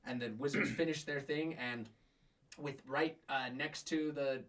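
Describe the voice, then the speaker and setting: A man's voice: medium pitch, fairly even intonation, unhurried, a bit bright, recorded from a distance. A man narrating a tabletop game as game master, rambling with many fillers. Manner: rambling, filler-heavy, frequent laughs.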